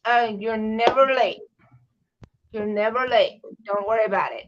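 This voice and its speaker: Woman, craft stream host, unhurried, slightly high voice, dull lo-fi sound. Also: noisy background. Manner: relaxed, thanks viewers for donations. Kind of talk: casual livestream chat.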